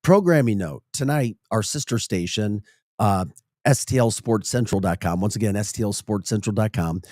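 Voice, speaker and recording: Midwest morning host, St. Louis accent, low-pitched, dry close studio sound, laughs at own stories. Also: male voice, moderate pace, a little mellow, dry recording. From St. Louis area, Midwest. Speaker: radio show host. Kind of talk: casual morning radio chat.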